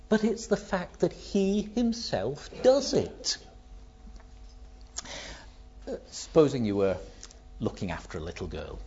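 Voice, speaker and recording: A man's voice: mid-range voice, mellow, husky. A man preaching a sermon, asking rhetorical questions and telling illustrative stories, in a dull lo-fi recording.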